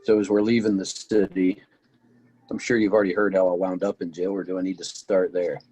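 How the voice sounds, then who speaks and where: A man playing a tabletop game, telling his character's story in a relaxed way. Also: low-pitched, a little fast. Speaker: player. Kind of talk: tabletop role-play in character.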